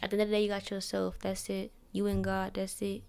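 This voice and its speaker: A woman's voice: mid-range voice, completely flat delivery, quick pace, creaky, a little mellow, clear, resonant tone. A young woman hosting a solo podcast, giving blunt, profane, preachy relationship advice in casual slang. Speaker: podcast host. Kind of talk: candid solo venting podcast.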